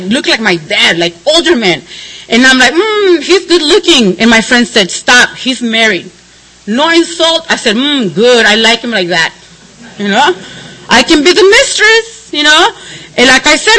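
A middle-aged woman shares her recovery story at a meeting, giving blunt, candid testimony that swings between somber moments and laughter. Her high-pitched voice sounds pushed and bright, and the audio quality is poor.

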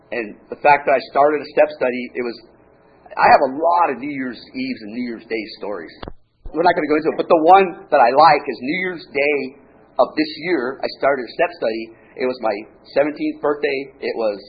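A man telling his own story at a recovery meeting, in an animated way with halting restarts, then a joke. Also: medium pitch, husky. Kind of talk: personal share and joke telling. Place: meeting room with an audience. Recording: dull lo-fi room recording, faint crowd.

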